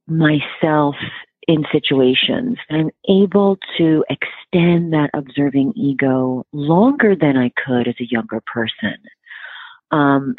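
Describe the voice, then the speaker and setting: Low-pitched and husky, with no echo, the forties-aged relationship expert speaks frankly, bluntly and philosophically in a casual interview chat, her voice thin and tinny as if on a phone, and dry.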